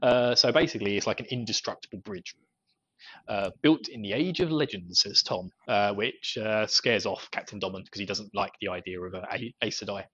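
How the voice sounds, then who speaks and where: A man's voice: on the low side, moderate pace, a bit bright, breathy edge, no room sound. A man hosting a podcast, chatting casually about a book and laughing often between his thoughts. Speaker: podcast host. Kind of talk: casual book discussion chat. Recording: slightly dull lo-fi audio.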